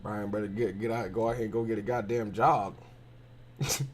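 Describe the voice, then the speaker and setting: A young man hosting a podcast, telling profane and animated stories in a casual monologue while he draws. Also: lowish voice, a little fast, pauses often, a little hiss or hum. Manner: profane, animated storytelling with slangy cussing. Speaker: podcast host.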